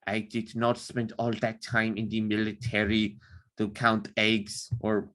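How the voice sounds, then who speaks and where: A man putting on a German accent to voice a stiff, formal German fighter pilot in a solemn, quiet tone. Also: fairly low pitch, monotone, a little slow, voice pushed down.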